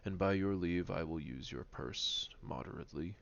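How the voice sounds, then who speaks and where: A man voicing a gentle, frugal old father in a read-aloud novel, speaking softly and mildly. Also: low voice, normal speed, vocal fry, muffled recording, slight background noise.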